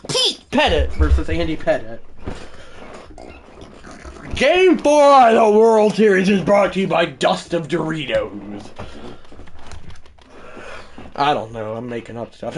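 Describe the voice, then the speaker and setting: A man calling his own baseball video game like a broadcaster, shouting on big hits and rambling in self-mocking asides between plays. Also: fairly high pitch, slight background noise. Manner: mock broadcaster calls that burst into shouting. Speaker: gaming streamer. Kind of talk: casual play-by-play of a video game.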